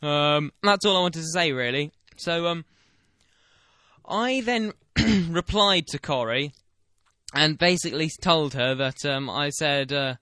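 A man's voice: fairly high pitch, slow pace, bright, forceful tone, dry recording. A teenage man hosting his own comedy radio show from a small home studio, rambling through jokes and poking fun at himself. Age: late teens. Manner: jokey, rambling and self-mocking. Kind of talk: comedic casual radio chat. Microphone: webcam and studio mic.

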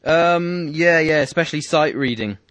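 A man's voice: on the high side, moderate pace, fairly bright tone, no echo. Teen guy from Britain, interviewer, hesitant, filler-heavy, dry close sound. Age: teenager, seventeen. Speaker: interviewer, fan. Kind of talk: casual interview chat.

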